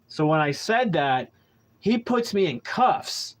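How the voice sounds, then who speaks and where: In a blunt, profanity-laden casual monologue, this young podcast host tells candid stories off the cuff, often stopping to restart. He speaks at a measured pace in a fairly high voice with big pitch swings, on a low-quality recording.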